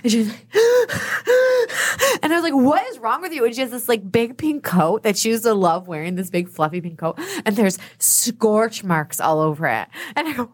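Giggly young woman, lively voice. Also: medium pitch, brisk, few pauses. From Buffalo area. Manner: giggly, expressive, laughs often. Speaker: podcast co-host. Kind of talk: casual chat.

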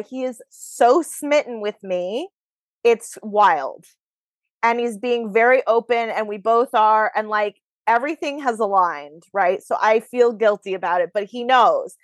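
A woman's voice: fairly high pitch, a bit bright, no room sound. A woman hosting a podcast, chatting frankly and casually about her dating life. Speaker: podcast host. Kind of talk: casual chat. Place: New York.

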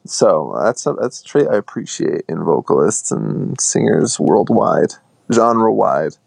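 A young man with a deep, gravelly voice, relaxed and laughing easily as he talks about bands. The recording is dry and close. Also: a little slow, dry recording. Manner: laid-back, laughs often. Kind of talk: casual chat.

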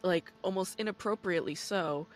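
A woman's voice: lowish voice, normal speed, poor audio. A woman hosting a podcast, chatting casually and reflecting on ideas in an explanatory, encouraging way. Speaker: podcast host.

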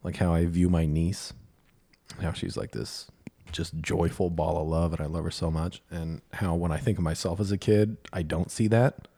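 Low-voiced man telling a candid story. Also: steady tone, normal speed, mellow, breathy edge. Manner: candid, self-deprecating, quotes others in dialogue. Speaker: podcast co-host. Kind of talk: casual storytelling chat.

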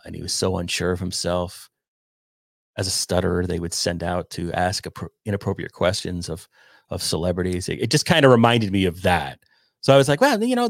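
A man's voice: deep voice, dry recording, clean studio sound. A man hosting a casual livestream, rambling loosely, swearing and reading viewer donations aloud. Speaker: podcast host reading chat.

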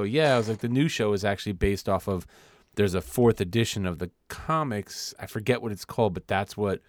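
A man co-hosting a podcast, chatting casually, animated, acting out scenes in put-on voices and swearing freely. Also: lowish voice, no room sound, studio quality. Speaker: podcast co-host. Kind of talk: casual chat.

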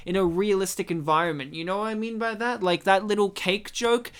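A woman's voice: mid-range voice, a little fast, clear, resonant tone. A woman, co-hosting a casual movie commentary and rambling through stories. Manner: rambling, animated storytelling, acts out quotes. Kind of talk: casual chat.

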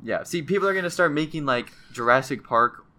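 A young man co-hosting a casual chat about comics and movies, animated and acting out characters in goofy voices. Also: a little high, fairly quick. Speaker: podcast co-host.

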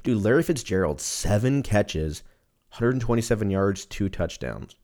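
Young man, low-pitched, casual solo talk, profane, rambling. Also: lively intonation, measured pace, a little mellow.

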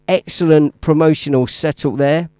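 A fairly high, steady voice with a dark, clean tone comes from a Midlands DJ on a studio-quality recording with no room sound. Speaking at normal speed, he fills the gaps between records with rambling, waffling chat.

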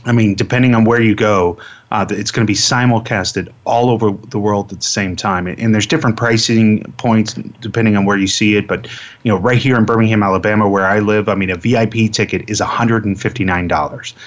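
A man's voice: lowish voice, steady tone, brisk. A man hosting a radio interview show, talking casually and rambling with lots of fillers and repeated words. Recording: dull lo-fi radio audio.

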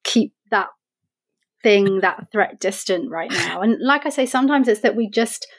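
This woman speaks in a mid-range voice, expressive and a little slow. Chatting casually on a podcast, she reflects on emotional habits, illustrating them with examples and quoted self-talk.

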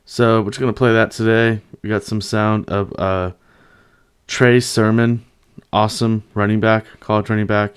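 Smooth-voiced upbeat sports talker. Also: male voice, fairly low pitch, level tone, normal speed. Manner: upbeat, loose, many fillers. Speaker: podcast host. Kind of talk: casual sports commentary.

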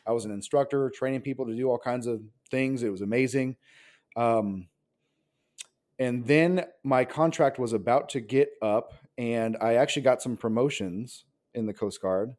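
A pastor of about forty tells his story in a casual interview, rambling and earnest and leaning heavily on "like" and other filler words. His mid-range voice has a darkish tone and a normal speed.

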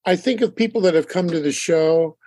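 A man, a band leader and drummer, chatting in an interview and telling animated stories with frequent laughs. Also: fairly high pitch, fairly quick, no room sound. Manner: animated storyteller, acts out quotes, laughs often. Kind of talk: casual interview chat.

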